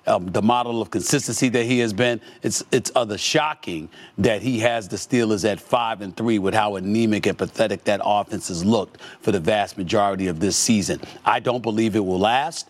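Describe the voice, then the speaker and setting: Emphatic low-voiced man commentator. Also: normal speed, few pauses. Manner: emphatic, forceful, repeats words. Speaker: sports commentator. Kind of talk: sports debate.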